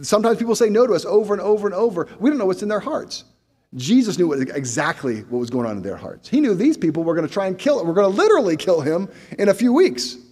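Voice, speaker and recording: A man's voice: high voice, big pitch swings, quick pace, darkish tone, breathy edge, big-room sound. A male pastor preaching a sermon in a conversational way, full of rhetorical questions and restarts.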